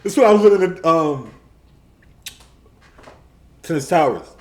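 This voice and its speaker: A man co-hosting a podcast, telling a funny story in an animated way and laughing often. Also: a little high, measured pace. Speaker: podcast co-host. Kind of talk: casual storytelling.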